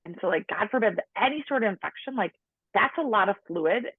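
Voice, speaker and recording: A woman's voice: medium pitch, lively intonation, a little fast, slightly rough, dry recording. A woman in her late thirties telling her own story as a podcast guest, chatty, with lots of "like", acting out the people she quotes. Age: late 30s. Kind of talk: personal storytelling in conversation. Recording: tinny phone-line sound, dry.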